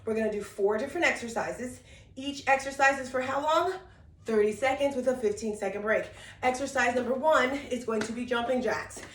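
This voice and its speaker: A woman's voice: fairly high pitch, brisk, a bit bright. A woman fitness instructor talking viewers through a workout on a mat at home, upbeat and encouraging, a little out of breath. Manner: upbeat, encouraging, talks while demonstrating. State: slightly out of breath. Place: room at home on an exercise mat. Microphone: camera mic at a distance. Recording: echoey room, distant camera mic.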